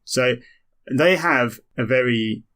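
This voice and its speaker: A man's voice: mid-range voice, slow pace, fairly bright tone. A British man, a comedian co-hosting a podcast, thinking aloud in a casual chat with many fillers. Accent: British English. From Britain.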